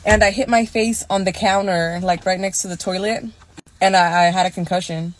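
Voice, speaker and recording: A woman's voice: mid-range voice, fairly even intonation, normal speed. A woman tells a personal story in a casual storytime way. She is candid and chatty, laughs along, and acts out what people said.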